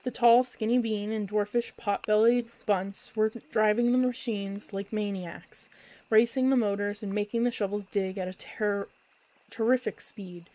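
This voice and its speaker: Woman reading a bedtime story, expressive, lively narration, medium pitch. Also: a little slow, rough recording.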